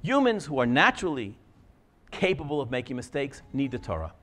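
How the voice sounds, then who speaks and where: A man's voice: medium pitch, brisk. A middle-aged man, a scribe, telling a personal story in a talk and acting out the quoted dialogue. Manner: animated, acts out quoted dialogue.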